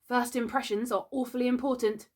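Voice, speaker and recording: A woman's voice: a little high, steady tone, fairly quick, a little mellow, voice pushed up, lightly acted. A woman reading a storybook aloud and voicing a bossy, self-assured boy who gives orders to the others. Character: bossy, boastful boy leader.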